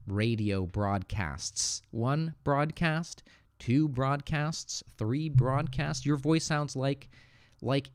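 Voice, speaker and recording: A man from the Northeastern United States with an American accent, relaxed and joking as he reads viewers' comments aloud and corrects them on a live English lesson, speaking into a good microphone. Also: medium pitch, slow pace, no room sound, studio quality. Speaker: English teacher hosting a livestream. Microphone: good studio microphone.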